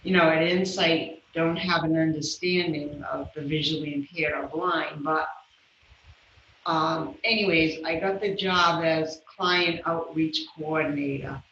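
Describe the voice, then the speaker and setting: A woman guest in an interview, telling a personal story in an animated way and acting out the voices of the people in it. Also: low-pitched, unhurried, reverberant, muffled recording, a little hiss or hum. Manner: animated, acts out the voices of people in her stories. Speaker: guest, yoga instructor.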